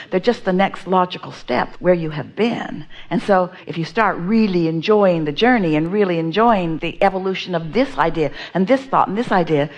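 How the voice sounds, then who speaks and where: A woman teaching a live seminar audience, speaking as "we" and often checking that listeners follow. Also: lowish voice. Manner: speaks as "we", asks the listener to agree.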